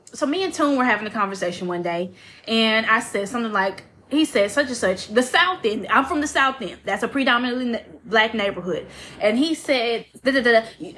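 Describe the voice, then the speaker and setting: A woman's voice: a little high, a bit bright, slight background noise. A woman co-hosting a podcast, telling stories in a blunt, profane, laughing way. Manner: candid, profane storytelling with frequent laughs. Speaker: podcast co-host. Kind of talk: casual chat.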